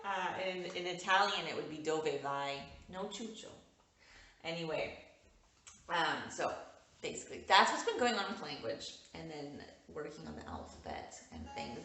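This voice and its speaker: Young mom chatting to the camera, lowish voice, kinda far from the mic, echoey room. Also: female voice, sing-song, normal speed, fairly bright tone. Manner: chatty, rambling, laughs often. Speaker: vlogger. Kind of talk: casual chat to camera. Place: indoors at home with window light. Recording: roomy echo, distant mic, faint noise.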